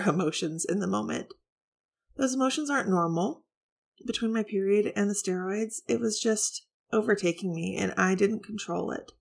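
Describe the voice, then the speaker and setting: Candid woman with a gravelly voice. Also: mid-range voice. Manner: candid, reflective, confessional. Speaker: podcast host. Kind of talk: personal storytelling to listeners.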